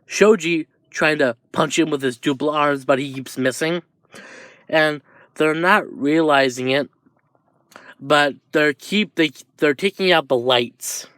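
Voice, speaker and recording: A man's voice: on the high side, a bit bright, clear, resonant tone, dry recording, studio quality. A man improvising a fan story aloud, rambling and hesitant with many restarts.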